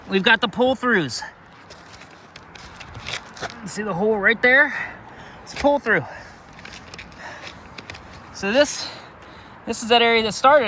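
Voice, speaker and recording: Out of breath guy on a roof, high sharp voice, annoyed, explaining the damage bit by bit. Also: a little hiss or hum. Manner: exasperated, explaining step by step. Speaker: roofing contractor. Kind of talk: on-site inspection walkthrough. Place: outdoors on a roof.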